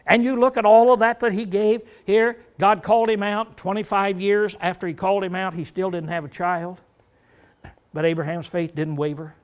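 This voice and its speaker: An older man gives a Bible study sermon in a homespun, folksy style, frequently clearing his throat and tossing rhetorical questions at the congregation. His voice is high, his tone steady, and his pace moderate.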